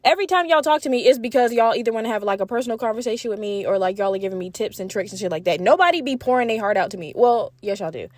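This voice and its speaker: A young adult woman hosting a solo podcast, talking in a rambling, blunt, swear-heavy casual rant with bursts of fast, animated talk. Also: fairly high pitch, dry recording. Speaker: podcast host.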